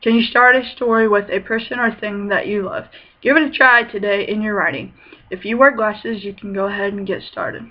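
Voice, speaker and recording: A woman's voice: medium pitch, fairly even intonation, a little fast. Young woman teaching a class, dull recording. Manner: clear, teacherly. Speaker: student teacher. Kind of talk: picture-book read-aloud and lesson.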